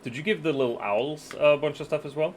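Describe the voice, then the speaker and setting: A man's voice: fairly high pitch, a little fast, slight background noise. A man streaming a game in casual chat, laid-back, swearing offhandedly and laughing easily.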